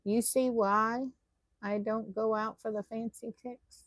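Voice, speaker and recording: A woman's voice: on the high side, little pitch movement, slow pace, a bit bright, no room sound. A woman teaching a live online tatting class, chatty and self-deprecating as she talks viewers through her work.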